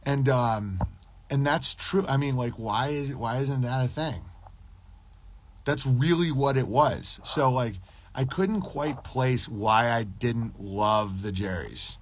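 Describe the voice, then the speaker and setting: A man's voice: mid-range voice, takes it slowly. A man talking loosely and profanely on his podcast livestream, rambling between topics and answering chat messages. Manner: profane, loose, rambling, drops into mocking impressions. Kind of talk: casual rambling livestream monologue.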